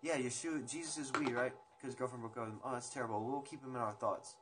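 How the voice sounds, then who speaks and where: A young man at home rambles through a casual livestream, chatty and unhurried, dropping the odd swear word. His pitch sits in an ordinary middle range. Music plays clearly behind him. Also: fairly even intonation. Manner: rambling, loose and chatty, drops swear words. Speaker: livestream host. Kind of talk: casual livestream chat with viewers. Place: indoors at home. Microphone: phone livestream. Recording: music playing in the background.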